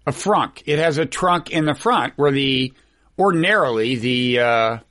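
A man's voice: medium pitch, a little slow, fairly bright tone. A man co-hosting a casual political podcast, asking wry, teasing questions. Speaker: co-host.

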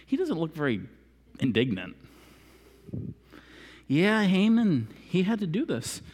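A man preaching a sermon as a lively storyteller, acting out the characters and coaxing volunteers from the congregation. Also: sits high, slow, breathy edge. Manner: animated, acts out characters, coaxes volunteers. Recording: long hall reverb.

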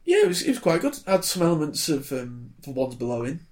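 A man's voice: fairly high pitch, brisk. A man in his twenties co-hosting a casual chat, reviewing films in a blunt, wry way. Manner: blunt, wry, animated when ranting. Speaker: podcast co-host reviewing films.

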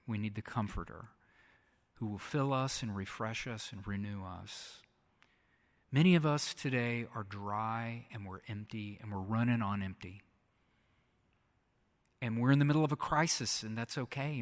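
Male pastor, mid-pitched, preaching sermon style with repetition and soft hushed drops, long hall reverb.

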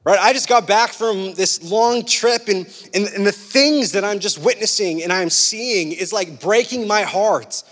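Young guy preaching, high voice, chatty and animated, big echoey hall. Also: unhurried, few pauses. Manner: animated and casual, fillers like "right?" and "like". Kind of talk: sermon with personal story. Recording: long hall reverb.

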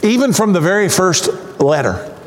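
A man with a high voice preaches an animated sermon and keeps building toward shouted exclamations. His words ring out with a long reverb, as if he is in a large, echoing church sanctuary. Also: moderate pace, background noise. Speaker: pastor. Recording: echoey hall.

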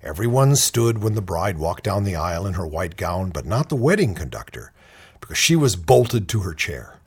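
A man's voice: big pitch swings, moderate pace, slightly rough. A man hosting a talk radio show, reading news items and trailing off into wry asides. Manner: jokey, trails off into low asides. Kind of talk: casual news banter. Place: lives on an island in Washington State, US.

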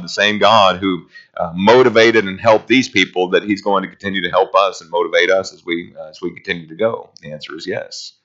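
A man's voice: sits low, pushed and bright, muffled recording. A man leading a casual Bible study class, talking through scripture in a conversational, rambling way and reading passages aloud.

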